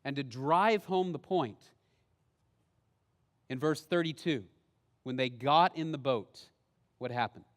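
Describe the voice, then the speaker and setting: A man preaching a sermon as pastor, telling a story with sudden loud bursts and long, hushed, slow phrases. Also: mid-range voice, in a large hall. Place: church sanctuary.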